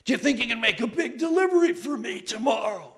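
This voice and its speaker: A man's voice: extremely high pitch, lively intonation, fast, creaky, pitched above the performer's own voice, exaggerated voice. A man voicing a young man sick with the flu, pleading for a favor on the phone. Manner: strained pleading over the phone.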